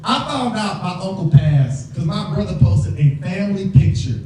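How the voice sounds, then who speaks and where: A young man performing a stand-up comedy set, telling animated stories and acting out quoted voices, recorded on stage with an audience laughing. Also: sits high, moderate pace, noisy background. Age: young adult. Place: stage before a live audience. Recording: roomy hall, distant mic, crowd laughter.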